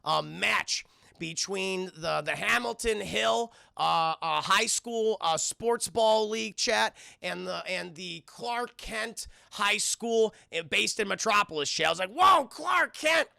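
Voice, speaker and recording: A man's voice: high voice, slow, gravelly, sharp tone, smooth, no echo, studio quality. A man casually recapping a cartoon episode for his live stream chat, rambling and swearing often. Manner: profane, rambling, addresses chat constantly.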